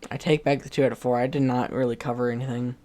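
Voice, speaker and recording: A man's voice: medium pitch, little pitch movement, fast, warm tone. Chatty, self-mocking young man. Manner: chatty and self-mocking, with frequent restarts and laughs. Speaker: video game YouTuber. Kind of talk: casual commentary reacting to his own old video.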